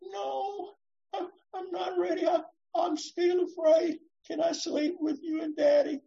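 A woman's voice: very high voice, flat delivery, a little slow, creaky, dark tone, reverberant, recorded from a distance, voice pushed up, heavily acted. A woman voicing a frightened small child, woken by a bad dream, who stammers and pleads. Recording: dull lo-fi recording.

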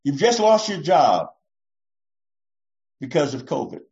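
A woman pastor delivers a conversational, reassuring sermon and slips into short voices to make her points. Her pitch rises and falls with lively range. The recording sounds dull and lo-fi. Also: takes it slowly. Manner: warm, reassuring, often acts out voices.

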